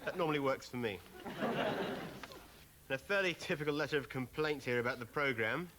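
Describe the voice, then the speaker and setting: A man hosting a comedy show, reading viewer letters aloud in a dry, deadpan way. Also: a little high, normal speed, a little hiss or hum.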